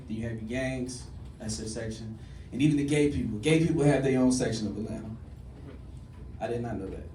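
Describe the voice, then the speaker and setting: A male stand-up comedian telling a story on a club stage, animated, jumping to loud high bursts on the punchlines. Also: fairly quick. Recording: echoey club, distant mic, audience noise.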